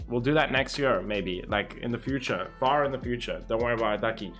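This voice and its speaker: A man's voice: lowish voice, fast, hardly any pauses, soft background music. A young man streaming live, chatting casually and teasingly with his viewers and swearing freely. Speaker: livestreamer.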